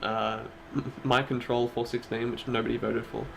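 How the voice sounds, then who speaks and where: A man's voice: mid-range voice, level tone, moderate pace, gravelly, a little hiss or hum, poor audio. A laid-back man co-hosting an online awards stream, laughing often and reading out lists of nominees in casual chat. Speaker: stream co-host presenting awards.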